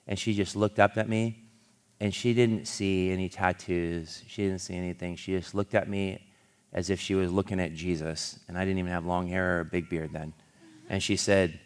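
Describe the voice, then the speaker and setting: A middle-aged man preaches a sermon in a somewhat low voice. He tells stories earnestly and haltingly, restarting phrases, then rises in force as he presses a point home. He speaks as a pastor addressing his congregation. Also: level tone. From California. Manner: earnest, halting restarts, swells louder when building a point. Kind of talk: sermon storytelling.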